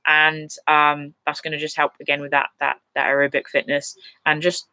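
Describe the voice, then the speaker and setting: Chatty woman, bright voice. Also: sits low, completely flat delivery, normal speed, dry recording. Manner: chatty and rambling, with many fillers and restarts; openly emotional and laughs easily. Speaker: host of a live viewer Q&A. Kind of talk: casual live Q&A chat. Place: at home on a sofa. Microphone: computer mic on a livestream.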